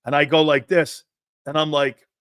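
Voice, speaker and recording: A man's voice: a little high, flat delivery, normal speed, fairly bright tone, clear, resonant tone, no echo, clean studio sound. A man in his fifties hosting a sports talk show, telling rambling anecdotes with restarts and the odd curse word. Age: 50s. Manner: rambling, digressive, with restarts and profanity. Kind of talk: casual anecdotal storytelling monologue.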